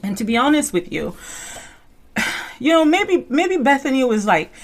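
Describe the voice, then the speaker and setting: A woman's voice: sits high, measured pace. A woman hosting casual commentary, talking in a loose, rambling way full of fillers and asides. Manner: rambling and conversational, full of "you know" and "like"; animated storyteller who acts out quotes. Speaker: reality TV commentary host.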